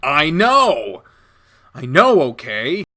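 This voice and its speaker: Dude doing a mad protective guy in a visual novel, sharp and threatening. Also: a little high, wildly swooping pitch, drawn-out words, background noise, pitched above the performer's own voice, heavily acted. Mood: angry. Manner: stern, threatening. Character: coldly furious young man, protective.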